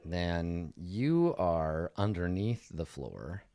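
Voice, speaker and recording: Brief: deep-ish male dungeon master, rambling narration with fillers, dry close mic. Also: big pitch swings, extremely slow, warm tone, no room sound. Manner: rambling, full of ums and likes. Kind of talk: narrating a tabletop game.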